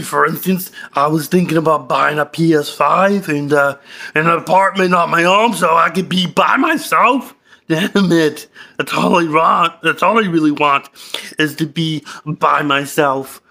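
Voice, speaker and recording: A man's voice: fairly high pitch, unhurried, vocal fry, pushed and bright, exaggerated voice. A man playing an angry, cursing patient. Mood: grumbling. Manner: cursing, insulting, short-tempered. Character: angry young man, crude, hot-tempered. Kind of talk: comedy skit.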